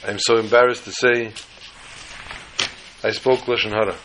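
A man voicing a distraught, devout woman who begs to know how to repent, her pleas climbing in pitch. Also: little pitch movement, moderate pace, fairly bright tone, slight background noise, low-quality recording. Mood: pleading.

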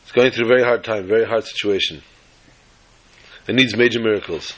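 A man telling a religious tale in a sermon, animated and dramatic, with a husky voice. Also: lowish voice, fairly quick, poor audio. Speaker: religious storyteller. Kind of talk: storytelling sermon.

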